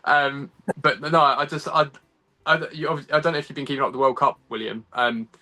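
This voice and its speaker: Young English guy, bright and punchy voice, casual and self-mocking, lots of ums, on a video call. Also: medium pitch, steady tone, fairly quick. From England. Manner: chatty and self-deprecating, laughs often, lots of ums and restarts. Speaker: guest. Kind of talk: casual interview chat.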